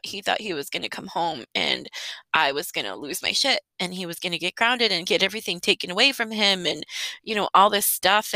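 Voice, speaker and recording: Bright-voiced mother, emotional and heartfelt. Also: mid-range voice, no echo, poor audio. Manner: heartfelt, emotional, with soft laughs. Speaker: mother sharing a personal story. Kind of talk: emotional personal monologue.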